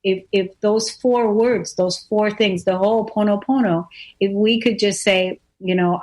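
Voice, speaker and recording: A woman's voice: medium pitch, steady tone, measured pace, a little mellow. A woman hosting a radio talk show, speaking earnestly in a loose, rambling way, with many fillers and repeated phrases. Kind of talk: casual conversation.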